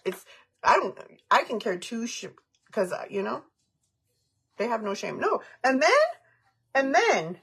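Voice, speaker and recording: A woman's voice: a little high, fairly bright tone, slightly rough. A woman chatting on a livestream, answering viewer comments in a frank, heated, rambling way.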